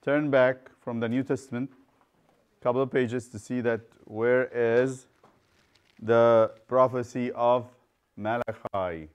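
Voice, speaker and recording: A man's voice: mid-range voice, fairly even intonation, slow pace, clear, resonant tone. A man teaching a children's Bible study, quizzing the class and retelling stories with acted-out voices.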